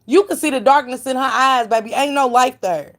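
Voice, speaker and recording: A woman's voice: sits high, brisk. Blunt woman gossiping to chat. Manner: blunt, profane, preachy, calls out chat viewers by name. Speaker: live stream commentator. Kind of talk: casual gossip commentary to live chat.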